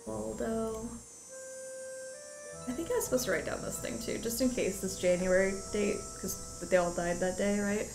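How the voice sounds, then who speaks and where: A woman with vocal fry in her mid-range voice casually chats at a normal speed while streaming a detective game, giggling and reacting out loud. The recording is from an echoey room with game music behind her.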